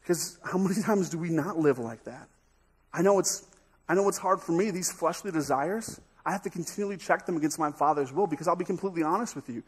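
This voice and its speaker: High, husky-voiced American pastor preaching. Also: male voice. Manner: energetic, jokey, acts out voices. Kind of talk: sermon. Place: church sanctuary.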